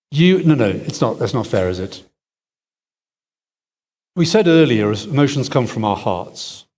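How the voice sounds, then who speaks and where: Male speaker, mid-pitched, answering audience questions, thinking aloud, echoey hall. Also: very animated, takes it slowly, long pauses, darkish tone. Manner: thinks aloud, with restarts and self-deprecating asides. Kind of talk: conference Q&A answers.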